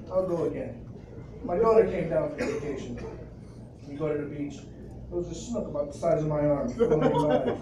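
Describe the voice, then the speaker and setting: A man, telling animated stand-up stories at an open mic and acting out other people's voices. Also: on the high side. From the Bronx, New York. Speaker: stand-up comedian. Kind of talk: stand-up comedy set. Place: club open mic, live audience. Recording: noisy crowded room, distant and echoey.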